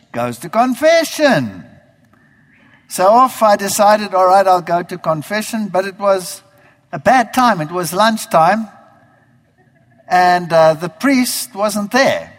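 Man from Germany, religious testimony, animated storyteller, high voice, hall reverb. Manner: animated storyteller who acts out his own past thoughts. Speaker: speaker giving a testimony. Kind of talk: spoken testimony.

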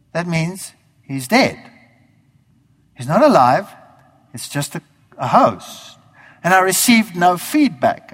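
Animated storytelling man in a reverberant hall. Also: high-pitched. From Germany. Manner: animated storyteller who acts out his own past thoughts. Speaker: speaker giving a testimony. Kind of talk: spoken testimony.

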